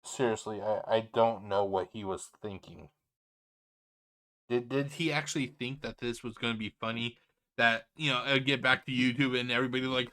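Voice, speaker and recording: Exasperated, bright-voiced ranting man. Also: medium pitch, moderate pace. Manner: exasperated, profane, opinionated rant. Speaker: reaction video commentator. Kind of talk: unscripted reaction commentary.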